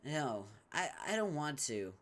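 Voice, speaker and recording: A man's voice: fairly high pitch, big pitch swings, a little slow, voice pushed up. A man voicing a meek, timid young troll boy who stammers and hesitates in a comic read-along. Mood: stammering. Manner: hesitant, stammering, soft-spoken.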